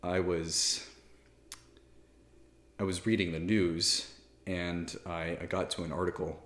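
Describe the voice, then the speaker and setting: A priest in his thirties talks candidly to the camera, self-deprecating and full of small restarts. His voice sits fairly low. He speaks from a library armchair, and the room gives back a clear echo. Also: level tone, slow pace, fairly bright tone. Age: 30s. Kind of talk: casual spoken talk to camera.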